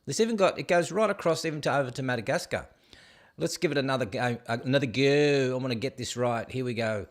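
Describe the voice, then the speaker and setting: A man's voice: mid-range voice, fast talker. A man hosting a casual show, rambling and joking as he stumbles over hard place names. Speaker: show host. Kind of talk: casual rambling video commentary.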